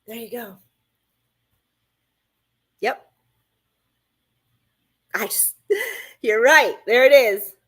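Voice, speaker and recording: A woman hosting an inspirational radio show, her voice bright and fairly high. She speaks in fervent, repeated affirmations into a studio microphone. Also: very animated, drawn-out words, long pauses, slightly rough.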